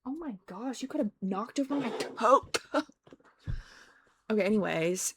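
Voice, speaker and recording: A woman's voice: on the high side, animated, unhurried, a little hiss or hum. A young woman streaming a game, chatting playfully and talking to her pet. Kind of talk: casual gameplay commentary.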